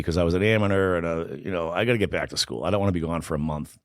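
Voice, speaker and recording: A man's voice: deep voice, no echo, studio quality. A man in his sixties with a strong Boston accent, telling stories from his past as a guest on a casual podcast interview. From Boston, USA. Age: 60s. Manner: fast, animated storyteller. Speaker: podcast guest, former Olympic hockey player.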